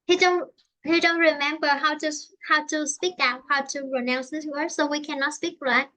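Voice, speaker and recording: A woman with a Vietnamese accent teaching an online English lesson, explaining slowly in simple English and repeating herself. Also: high-pitched, fairly even intonation, pushed and bright.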